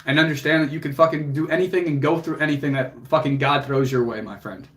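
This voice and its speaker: A man's voice: fairly high pitch, quick pace, a bit bright. A young man hosting a livestream, speaking earnestly and emotionally to viewers, motivational and casual with swearing. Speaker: fitness coach and livestream host.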